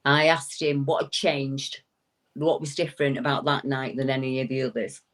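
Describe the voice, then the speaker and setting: A woman, a guest telling a paranormal story in a lively, emphatic way with frequent restarts. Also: a bass voice, moderate pace. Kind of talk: animated storytelling in an interview.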